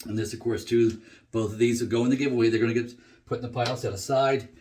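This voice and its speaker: A middle-aged man chatting casually through a shave review in his home bathroom, relaxed and full of fillers. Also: medium pitch, fast talker. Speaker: shaving vlogger.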